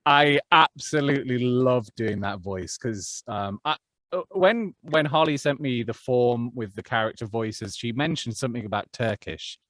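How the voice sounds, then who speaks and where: A man's voice: medium pitch, moderate pace, fairly bright tone, dry recording. Chatty male audiobook narrator, dry room. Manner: chatty, self-deprecating, many fillers and restarts. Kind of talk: casual interview chat.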